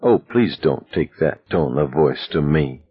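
Guy doing a calm sly young dude, low husky voice, dry wit, muffled-ish. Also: moderate pace, no room sound. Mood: teasing. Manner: calm, drawling, sardonic. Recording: slightly muffled audiobook recording.

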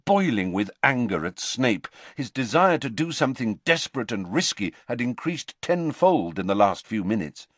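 Expressive male audiobook narrator. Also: mid-range voice, normal speed, hardly any pauses, no echo. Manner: expressive, varied delivery. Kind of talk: scripted narration.

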